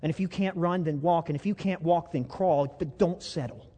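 Male pastor, high voice, fervent storytelling sermon, echoey church hall, stumbles and repeats words. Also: moderate pace. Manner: impassioned storytelling, swings from loud to hushed. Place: church stage.

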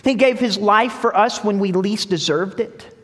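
A man's voice: sits high, normal speed, a bit bright. A young man preaching a sermon to his congregation in a casual, storytelling way, often restarting his sentences. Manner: conversational, storytelling, frequent restarts. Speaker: pastor. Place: church sanctuary. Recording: long hall reverb.

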